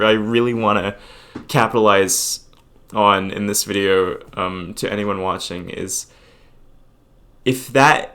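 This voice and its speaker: Low-voiced, hesitant young man vlogging. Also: fairly bright tone. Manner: hesitant, rambling, self-deprecating. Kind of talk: casual confessional vlog.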